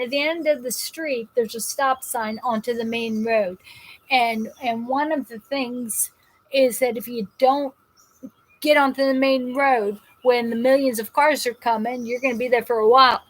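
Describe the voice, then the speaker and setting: Chatty woman hosting a live stream, slightly high voice. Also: a little slow, low-quality recording. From New Jersey. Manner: rambling and animated, with frequent restarts. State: in pain. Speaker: host of a live call-in show. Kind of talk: casual live-stream chat, reading viewer comments.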